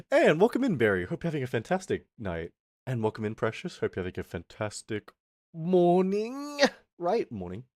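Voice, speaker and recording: A male streamer talks casually to his chat, his pitch bouncing up and down as he rants. The sound is close and dry with no room echo, and he swears freely along the way. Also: a little fast. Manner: animated, swears freely, reads chat aloud. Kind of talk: casual storytelling rant to chat.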